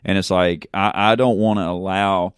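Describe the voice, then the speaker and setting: A pastor talking in a casual chat, fervent and preacher-like, often asking "you know what I'm saying?". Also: male voice, deep voice, steady tone, moderate pace, clear, resonant tone, no room sound, clean studio sound. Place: in a church.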